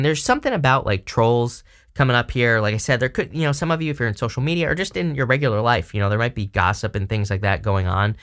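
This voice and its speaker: A man's voice: mid-range voice, a bit bright. A man hosting his own channel, giving a casual tarot reading in a meandering, conversational way with asides to his viewers. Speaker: tarot reader, channel host.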